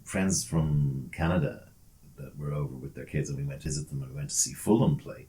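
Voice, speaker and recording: A man's voice: a bass voice, a little fast, mellow. A man co-hosting a casual podcast, joking and bantering, calling listeners lads and mate. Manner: jokey, banter-heavy, says mate and lads. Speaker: podcast co-host. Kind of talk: casual chat.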